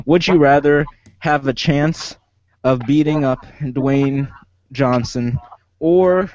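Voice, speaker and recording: A man's voice: medium pitch, darkish tone, slight background noise. A young man co-hosting a podcast in casual chat, joking and boasting goofily. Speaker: podcast co-host. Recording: muffled lo-fi mic.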